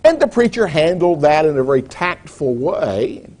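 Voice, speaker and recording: A man preaching a sermon in a measured, deliberate way, posing rhetorical questions to the congregation. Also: on the high side, sing-song, a little mellow.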